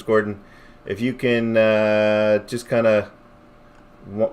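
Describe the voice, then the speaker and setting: A man's voice: lowish voice, a little hiss or hum. A man hosting a casual livestream, rambling and joking and swearing a lot as he talks to his chat. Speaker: livestream host.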